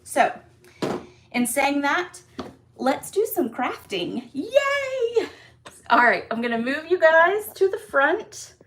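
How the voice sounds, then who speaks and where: A woman with a slightly high voice talks her viewers through a craft project in a casual live stream. She is chatty and upbeat, and she fills her sentences with ums and little laughs. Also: very animated, takes it slowly, a bit bright. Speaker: craft demonstrator hosting a live class. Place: home craft room.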